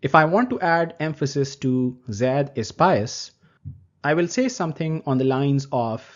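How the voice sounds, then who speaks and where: A man teaching Arabic grammar in a recorded lecture, explaining terms slowly and deliberately. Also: mid-range voice. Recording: dull lo-fi recording.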